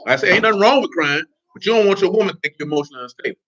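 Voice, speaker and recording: A man's voice: sits high, expressive, rapid-fire, fairly bright tone, a little hiss or hum. A man giving informal, blunt religious teaching in streetwise slang, with laughing asides. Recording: dull lo-fi recording.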